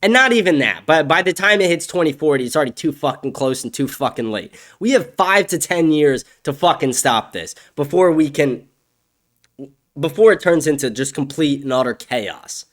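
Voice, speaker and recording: A young man hosting a solo podcast, ranting angrily and profanely, his voice swinging from raised outbursts to low muttering. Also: animated, moderate pace, a bit bright. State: agitated. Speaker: podcast host. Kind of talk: solo opinion rant.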